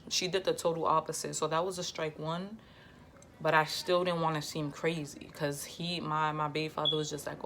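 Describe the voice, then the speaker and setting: A young woman telling a personal story on her vlog in a slangy, heated, lively way. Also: deep voice, normal speed, background noise. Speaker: vlogger. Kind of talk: casual storytime.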